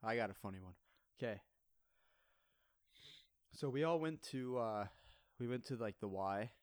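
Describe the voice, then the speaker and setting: A man's voice: medium pitch, lively intonation, a little slow, no room sound, studio quality. A man in his thirties, a podcast co-host, telling a family story in casual chat and laughing often.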